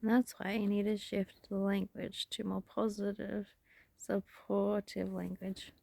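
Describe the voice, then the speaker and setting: A woman's voice: medium pitch, little pitch movement, measured pace, vocal fry, mellow, no echo. A woman talking to camera in a rambling, self-reflective vlog monologue, laughing often. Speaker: vlogger.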